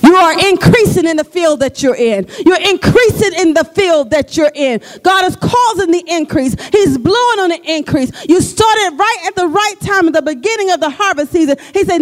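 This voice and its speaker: High-voiced fervent woman preacher. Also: animated, moderate pace, few pauses. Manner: fervent, with repeated chanted words and call-and-response; breaks into storytelling with laughter. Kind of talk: prophetic sermon.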